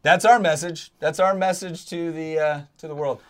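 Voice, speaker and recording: High-voiced joking man. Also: fairly even intonation. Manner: joking, sarcastic, quick asides. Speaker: co-host. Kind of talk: casual reaction chat.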